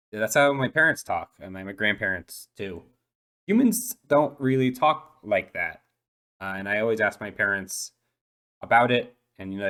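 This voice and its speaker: Man doing a stammering young dolphin boy, low-ish voice, hesitant and earnest, tabletop role-play. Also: fairly bright tone. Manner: hesitant, full of ums and restarts. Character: shy eight-year-old dolphin boy.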